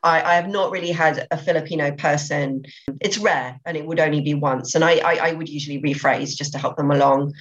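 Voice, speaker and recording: Casual: low-pitched woman on a podcast, eager, keeps restarting her words, kinda dull lo-fi sound. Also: steady tone, fairly quick. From England. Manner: enthusiastic, many restarts and repeated words. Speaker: podcast guest, business owner. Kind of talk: podcast interview. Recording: slightly dull lo-fi audio.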